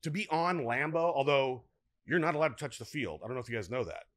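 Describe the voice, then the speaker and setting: A middle-aged man, a guest actor, telling lively anecdotes in casual podcast chat, often acting out what people said. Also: mid-range voice, fast, no echo. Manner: animated, lively anecdotes with frequent restarts and acted-out quotes.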